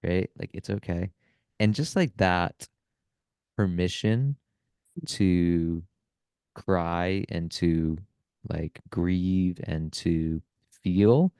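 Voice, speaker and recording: Deep smooth-voiced man, earnest host. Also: extremely slow, long pauses, a little mellow, dry recording, studio quality. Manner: earnest, often ends thoughts with "right?". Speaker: podcast host. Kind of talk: reflective casual conversation.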